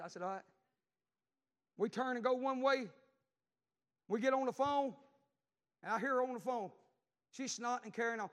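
A middle-aged man with a Southern US accent preaching a sermon, telling a family story and repeating lines as he swings from loud to hushed. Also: very high-pitched, fast, long pauses.

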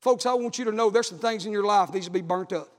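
A man preaching a sermon in a church, with repeated phrases and a rhythmic preaching cadence that builds to shouted lines. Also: high voice, quick pace, in a large hall. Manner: builds from conversational to shouted, half-sung climaxes. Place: church sanctuary.

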